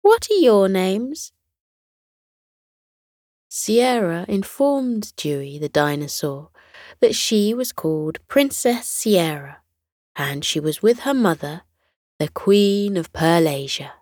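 A woman narrating a bedtime story for children in a gentle, unhurried way, at times dropping to a whisper. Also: lowish voice, lively intonation, no room sound, clean studio sound.

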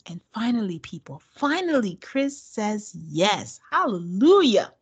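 A woman co-hosting a casual chat, recapping a show with sarcastic, animated storytelling. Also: on the high side, a little slow, breathy edge. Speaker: podcast co-host recapping a reality show.

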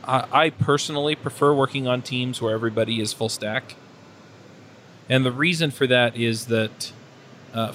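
A man of middle pitch chats about work on a podcast, thinking aloud and stopping now and then to find his words. A faint air-conditioner hum sits under his voice. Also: fairly bright tone. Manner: thoughtful, hesitant with fillers. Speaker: podcast panelist. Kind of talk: casual technical discussion.

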